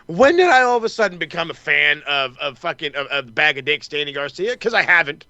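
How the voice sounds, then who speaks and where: Man, podcast co-host, profane heated rant, mock-quotes people, gravelly edge, dead-dry mic. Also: a little high, expressive, pushed and bright, no room sound, muffled recording. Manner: fast, heated, swears constantly, mock quotes. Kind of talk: profane wrestling recap rant.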